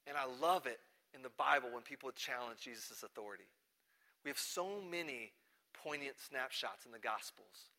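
A male pastor preaching a sermon, animated, acting out the people in the story as he goes. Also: mid-range voice.

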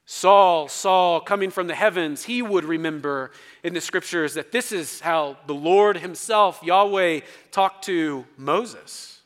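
A man preaching a sermon with emphatic delivery and dramatic swings between quiet and loud. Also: on the high side, measured pace. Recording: long reverb of a large hall.

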